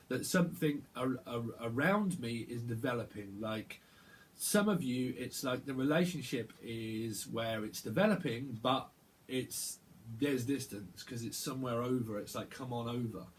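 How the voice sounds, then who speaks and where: A man giving a channeled tarot reading, rambling and halting, often repeating words as he picks up messages. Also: medium pitch, a little hiss or hum. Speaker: tarot reader.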